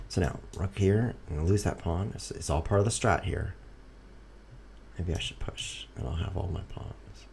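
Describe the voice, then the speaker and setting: A man commentating his own chess games on a stream, goofy and self-mocking, talking to viewers and swinging from excited outbursts to quiet mutters. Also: normal speed, gravelly, slight background noise. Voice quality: animated, jumps high when excited, drops to mutters. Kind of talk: casual live commentary while playing. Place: home room. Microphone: streaming setup.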